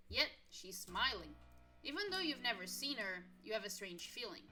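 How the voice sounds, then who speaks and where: A woman playing a story game on stream, reading lines aloud and musing in a casual, halting way. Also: mid-range voice, expressive, sharp tone, soft background music. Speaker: gaming streamer.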